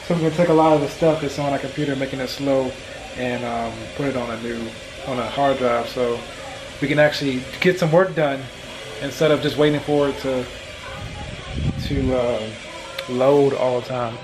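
Dude rambling on a home vlog, easygoing, a bit of noise in the audio. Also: male voice, mid-range voice, moderate pace. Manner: relaxed, rambling with restarts. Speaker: vlogger, husband. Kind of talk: casual home vlog chat. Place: carpeted home room. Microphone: handheld compact camera.

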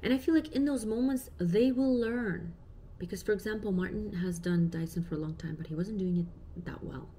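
A woman's voice: medium pitch, normal speed, warm tone, slight background noise. A woman in her thirties, a parent vlogger talking casually and reflectively to camera with many fillers.

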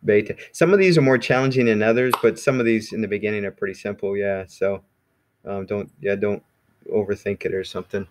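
Low-voiced male teacher, casual and rambling, video-call class. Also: fairly quick. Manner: relaxed, rambling, many fillers. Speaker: Greek teacher.

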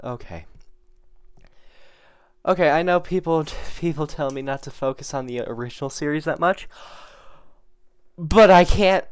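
A reaction channel host talking casually to viewers while watching anime, rambling and gushing with emotion, voice picked up by a camera mic. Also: mid-range voice. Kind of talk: casual reaction vlog commentary.

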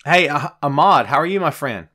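A man hosting a casual live wrestling show, greeting viewers by name and giving shout-outs. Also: fairly high pitch, animated, normal speed. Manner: reads viewer names and gives shout-outs. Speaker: podcast host. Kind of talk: casual live-stream chat.

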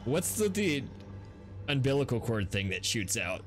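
A man hosting a gaming video, commentating a let's play in an excitable way, gasping and laughing as he plays. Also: mid-range voice, normal speed. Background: game music.

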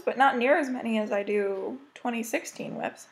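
A woman's voice: on the high side, normal speed, a little hiss or hum. An American woman chatting casually as she shows her cross-stitch projects, rambling and gushing over them. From United States. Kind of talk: casual show-and-tell chat.

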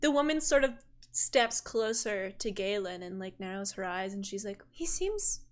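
A woman's voice: mid-range voice, steady tone, normal speed. A woman narrating as game master of a tabletop game, describing scenes playfully with casual fillers.

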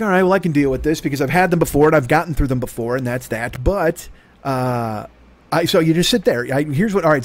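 A man hosting a podcast from his home desk, telling a rambling comic story full of swearing. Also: fairly high pitch. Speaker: podcast host. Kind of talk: profane comic monologue.

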